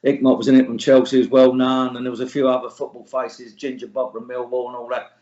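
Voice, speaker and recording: A middle-aged English guest in a casual interview talks fast in a warm, medium-pitched voice with completely flat delivery. Blunt and scornful, he swears a lot and laughs at his own stories, and the recording is echoey with dull lo-fi sound.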